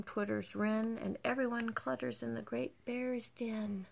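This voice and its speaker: Slow, gravelly grandmother reading a storybook. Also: fairly high pitch, steady tone, noisy background. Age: older. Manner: slow, gentle storytelling with quiet asides. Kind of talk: reading a picture book aloud.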